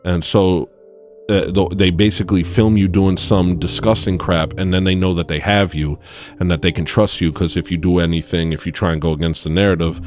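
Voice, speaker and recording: A man's voice: sits low, steady tone, fairly quick, darkish tone, faint music behind. A man hosting a podcast, telling a rambling story with digressions and laughing asides, often checking in with "you know what I mean.". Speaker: podcast host. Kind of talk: casual rambling monologue.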